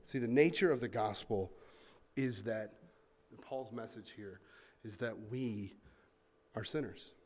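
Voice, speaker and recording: A man preaching a sermon, swinging from loud emphatic points to quiet asides and acting out listeners' complaints in mock voices. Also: on the low side, takes it slowly, long pauses. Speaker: pastor.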